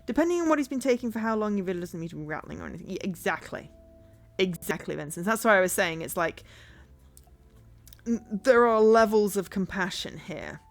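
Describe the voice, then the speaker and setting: A woman's voice: medium pitch, lively intonation, brisk, faint music behind. A woman streamer giving casual game commentary, chatty and thinking aloud.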